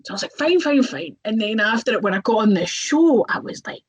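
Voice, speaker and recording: A woman's voice: medium pitch, expressive, fast, breathy edge, low-quality recording. A young woman, a wrestler, telling stories casually in an interview, chatty, with lots of fillers and voices acted out.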